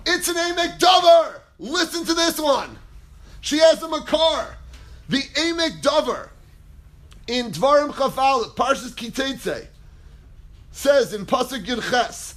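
Animated high-voiced man giving a Torah lecture. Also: unhurried. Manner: dramatic, acts out quotes, big swings in pitch and volume. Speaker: rabbi teaching a class.

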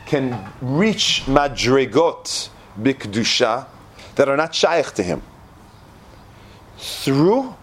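A man giving a Torah class, quoting Hebrew verses and translating them, dropping to a low hush at dramatic moments. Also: a little hiss or hum. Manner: expressive, quotes Hebrew verses then translates. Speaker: Torah teacher.

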